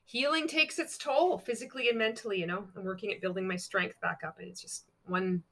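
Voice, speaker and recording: A woman's voice: mid-range voice, fairly even intonation, brisk, fairly bright tone. Blunt, candid woman vlogger. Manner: candid, blunt, swears freely, laughs at herself. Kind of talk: casual chat walking through examples.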